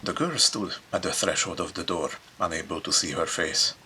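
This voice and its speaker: A man's voice: low voice, moderate pace, pushed and bright, slight background noise. A man hosting a let's play, reading a story game aloud with dramatic narration and dry asides. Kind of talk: reading a visual novel aloud with commentary.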